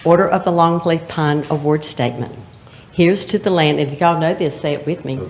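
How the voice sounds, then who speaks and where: Woman, low voice, award speech at a council meeting, background noise. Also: brisk, echoey room. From North Carolina. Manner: warm, chatty, laughing between formal lines. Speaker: state representative presenting an award. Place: town council chamber.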